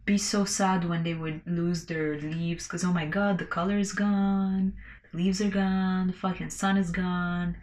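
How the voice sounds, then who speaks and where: Slow, low-voiced woman podcaster. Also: flat delivery, a little mellow, echoey room. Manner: rambling, swears freely, laughs between thoughts. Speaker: podcast host. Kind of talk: casual solo podcast monologue.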